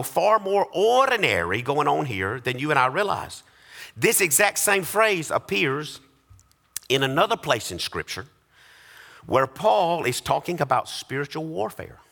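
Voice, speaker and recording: Male pastor mid-sermon, high voice, dramatic pauses and rising cadence. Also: gravelly, bright, forceful tone.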